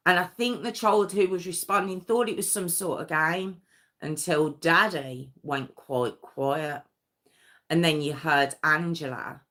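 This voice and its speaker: A woman's voice: low voice, slow pace, a bit bright. A British woman narrating a true crime story in a casual, earnest way, with fillers and restarts.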